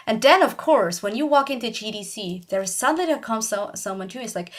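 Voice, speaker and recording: A woman's voice: mid-range voice, fast, few pauses. Chatty young woman telling a story. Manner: chatty, rambling, laughs often, acts out quotes. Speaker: YouTuber. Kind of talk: casual storytelling vlog.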